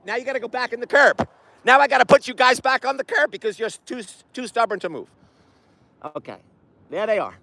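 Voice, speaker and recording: An excitable man vlogging outdoors on a city street, rambling loudly at a phone set down nearby. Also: sits high, no echo, poor audio. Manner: excitable, loud and rambling, talks to his phone. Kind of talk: rambling comic street vlog. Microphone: phone camera set down nearby.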